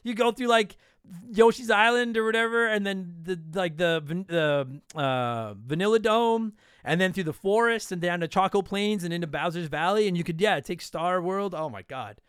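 A man's voice: high-pitched, moderate pace, fairly bright tone, smooth, dry recording, studio quality. A man in his thirties from Canada hosting a casual solo podcast, answering listener questions in a blunt, profane, joking way.

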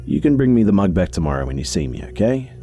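Guy putting on a sweet old lady voice, soft and kind, storybook telling, still deep underneath. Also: very animated, quick pace, faint music behind. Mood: reassuring. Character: kindly old woman, gentle and hospitable.

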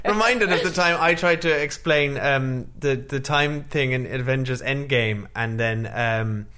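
A man's voice: medium pitch, a little slow, bright, forceful tone. A man co-hosting a casual film review podcast, rambling, restarting sentences and laughing often. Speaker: podcast co-host.

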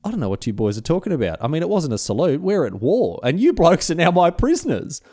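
A man's voice: on the high side, huge pitch swings, fast, darkish tone, voice pushed up, full character voice. A man voicing a blunt, matter-of-fact male naval captain.

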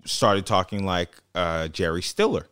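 A man's voice: low-pitched, a little slow, fairly bright tone, smooth, no room sound, studio quality. A man, not a native English speaker, co-hosting a podcast and telling stories in casual chat. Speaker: podcast co-host.

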